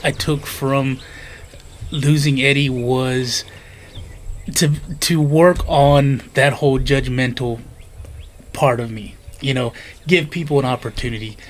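A man's voice: medium pitch, steady tone, slow, pauses often. A middle-aged man reflecting on his late brother in casual family conversation, bluntly and with some cursing. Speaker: brother sharing memories.

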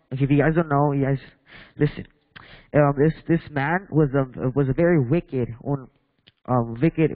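A man preaching a bilingual sermon in a church, reading scripture and switching between English and Spanish with halting restarts while questioning the congregation. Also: fairly high pitch, no echo, big-room sound, narrow, tinny audio.

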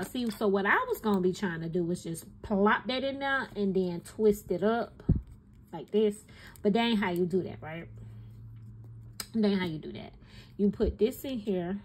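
A woman filming a casual stationery haul at her desk at home, talking straight to her viewers with animated exclamations. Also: medium pitch, a little hiss or hum. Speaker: stationery vlogger. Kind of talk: casual chatty haul video.

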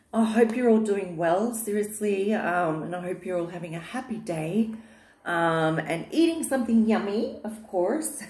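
Filming in her new home's living room, a woman talks to her vlog audience in a medium-pitched, slightly mellow voice. She's gushing and affectionate, chatting casually with plenty of fillers, and the bare room gives an echo.

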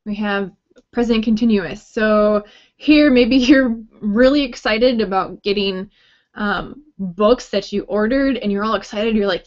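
A woman teaching a grammar workshop at an unhurried pace, friendly and explanatory, with light joking asides. Her voice sits at a middling pitch. The sound is slightly dull and lo-fi. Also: darkish tone. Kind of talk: recorded grammar lesson talk.

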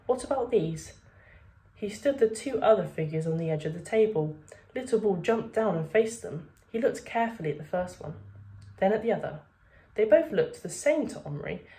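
A woman reading a children's book aloud with steady, expressive narration. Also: mid-range voice, normal speed. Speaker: reader. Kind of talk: storybook read-aloud.

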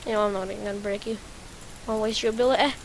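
A woman hosting a let's play, commentating excitedly as she plays, swearing often and repeating phrases over and over. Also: medium pitch, very fast, a little hiss or hum. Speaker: gaming channel host.

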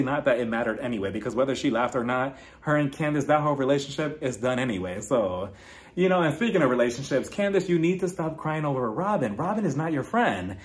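A man giving a blunt, opinionated casual recap of a reality TV episode, talking straight to his viewers. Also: on the high side. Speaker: reality TV reviewer.

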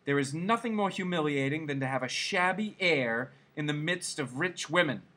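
A man's voice: fairly high pitch, animated, normal speed, bright, forceful tone. A man voicing a vain, discontented young wife. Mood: petulant.

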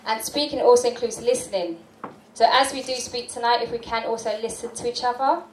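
A woman's voice: on the high side, fairly quick, slight background noise. A woman hosting a community speaking event, explaining the program and encouraging the audience. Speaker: host. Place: community hall. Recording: echoey hall, distant mic.

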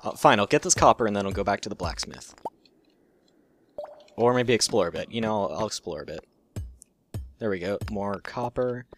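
A young man giving jokey, profane gameplay commentary, excitable and prone to squeaky outbursts. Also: normal speed, pauses often, soft background music. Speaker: let's play host.

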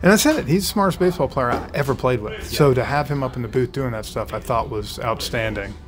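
Enthusiastic ex-ballplayer man. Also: medium pitch. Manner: enthusiastic, talks in quick restarts. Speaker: former ballplayer and broadcaster. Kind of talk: casual interview.

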